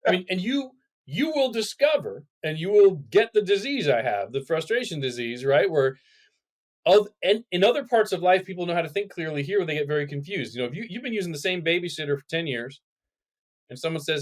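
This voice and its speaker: A man's voice: fairly high pitch, fairly quick. A man co-hosting a retirement planning podcast, talking casually and acting out quoted people. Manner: animated, acts out quoted people. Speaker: podcast co-host.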